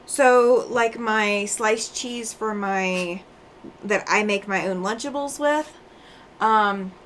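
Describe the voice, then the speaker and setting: Sounding worn out from time on the road, a woman sews on her quilting livestream, laughing a lot as she chats and reads viewer comments aloud. Her mid-range voice is fairly bright and measured, with slight background noise.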